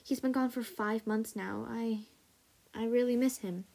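A woman's voice: fairly even intonation, a little slow, vocal fry. A woman voicing a hopeful, cheerful young female hybrid dragon in a read-aloud storybook, raised and eager. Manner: eager and bright, rises higher.

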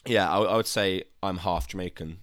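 A man's voice: sits low, fairly even intonation, normal speed, fairly bright tone, no room sound, clean studio sound. A young man, hosting a podcast in chatty, teasing talk and laughing often. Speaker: podcast host. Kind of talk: casual podcast chat.

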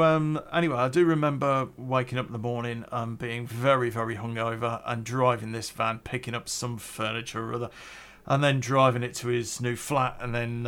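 A man's voice: mid-range voice, fairly bright tone, clean tone. A middle-aged man casually telling a story on a podcast, rambling and hesitant, with many fillers and restarts.

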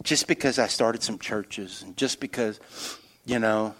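A middle-aged man preaching a sermon as pastor, telling stories with animated energy and dropping to quiet, earnest emphasis. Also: on the low side, a little slow. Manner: animated storytelling that shifts between loud excitement and quiet earnest emphasis.

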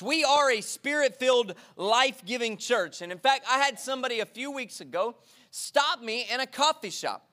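High-voiced energetic preacher man. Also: moderate pace. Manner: energetic, repetitive preaching with call-and-response. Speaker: pastor. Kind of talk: sermon. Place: church sanctuary.

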